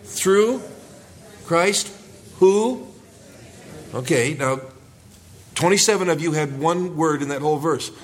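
A man's voice: on the high side, normal speed. A man preaching a sermon to his congregation, lifting his voice for emphasis and calling for responses. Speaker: pastor.

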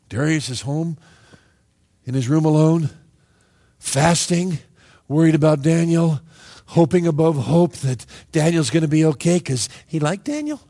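A middle-aged man preaching a sermon, animated and joking, now and then acting out the voices of Bible figures. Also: fairly high pitch. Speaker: pastor.

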